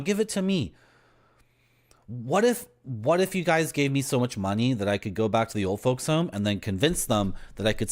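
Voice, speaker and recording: A young man streaming a video game live, rambling through deadpan absurd tangents as he plays. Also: medium pitch. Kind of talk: live gameplay commentary.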